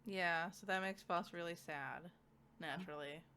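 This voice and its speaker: Gravelly bright woman chatting about a book. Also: on the low side, unhurried, a little hiss or hum. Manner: laughs often, chatty and loose. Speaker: book club co-host. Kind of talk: casual book club chat.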